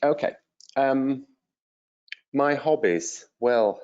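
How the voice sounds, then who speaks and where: A man in his fifties from England, an English teacher speaking slowly and simply to learners, friendly and encouraging, with many pauses. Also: medium pitch, a little mellow, highs cut off. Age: 50s. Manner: slow and clear, with many pauses and fillers. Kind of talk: slow, simple self-introduction to language learners.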